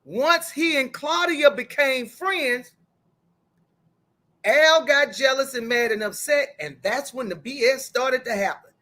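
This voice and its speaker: A woman hosts a live stream in a bright, forward voice. She recaps gossip in a casual, chatty way and greets viewers as they join. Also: sits high, slow pace. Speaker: livestream host. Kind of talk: casual commentary.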